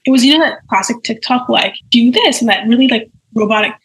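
Young woman, podcast guest, rapid chatty delivery, slightly high voice. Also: rough recording. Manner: fast, chatty, many fillers, acts out quotes. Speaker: guest, nail care content creator. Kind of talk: casual podcast chat.

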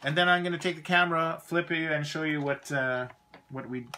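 A man's voice: fairly high pitch, brisk, noisy background. A Canadian man hosting a live toy review stream, chatting casually and rambling, often trailing off mid-thought.

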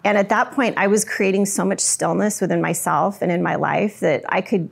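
A middle-aged woman telling her personal story in an interview, soft-spoken and reflective, with frequent fillers. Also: medium pitch, fairly even intonation, moderate pace, vocal fry, slightly rough.

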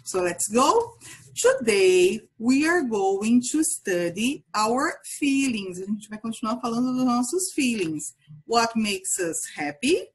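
A woman teaching English to young children, with a Brazilian Portuguese accent, speaking in slow, exaggerated, sing-song teacher talk with lots of repetition. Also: fairly high pitch, sing-song, slightly rough. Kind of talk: children's language lesson.

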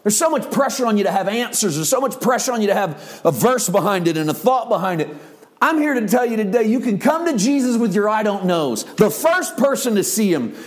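Middle-aged male pastor, slightly high-pitched, animated sermon delivery with big pitch swings. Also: fairly quick. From United States. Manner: animated preaching, rising high for emphasis, dropping low to quote doubt.

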